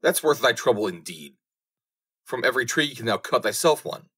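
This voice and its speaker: A man's voice: medium pitch, lively intonation, moderate pace, fairly bright tone, husky, pitched above the performer's own voice. A man voicing an old, doubtful tailor father in a storybook reading, with a skeptical, scoffing manner.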